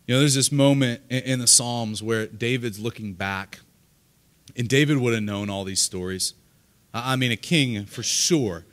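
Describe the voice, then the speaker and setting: In a church service before a live congregation, a male pastor preaches a sermon earnestly, often repeating words as he begins a sentence. His voice is medium in pitch and fairly bright, with fairly even intonation and an unhurried pace.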